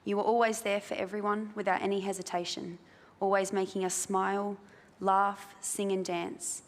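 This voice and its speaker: An Australian woman leads a funeral service and reads a eulogy aloud, soft and measured. Her voice rings out in a chapel with a long reverb. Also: mid-range voice, level tone. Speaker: funeral celebrant. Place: crematorium chapel.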